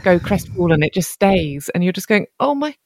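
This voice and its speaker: A woman's voice: lowish voice, moderate pace, a little mellow, no room sound, clean studio sound. A woman co-hosting a podcast, chatting expressively with frequent laughs. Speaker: podcast co-host. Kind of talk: casual chat.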